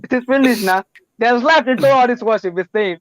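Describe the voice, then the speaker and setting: A man's voice: extremely high pitch, brisk, dry recording. A Nigerian man hosting an interview, talking in an effusive, repetitive casual way with bits of pidgin. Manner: effusive, repeats himself, mixes in pidgin. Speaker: interview host. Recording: dull, dry.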